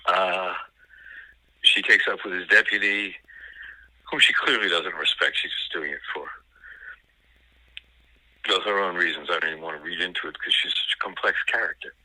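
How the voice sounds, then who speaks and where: A man with a low, strikingly sharp and tense voice talks through a film in a relaxed, analytical way. He often pauses and restarts as he hunts for the right word. The sound is close and dry, with no room echo. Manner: thoughtful, analytical, pauses to find words. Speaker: film critic guest. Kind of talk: casual film discussion.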